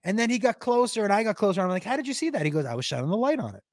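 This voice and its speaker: A male comedian spins a rowdy stand-up story, swearing as he goes. His voice jumps all over the place, loud one moment and hushed the next. The sound is dry and close. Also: high-pitched, racing, no echo. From Texas. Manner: animated, profane, swings loud and quiet. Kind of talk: crowd-work stand-up storytelling.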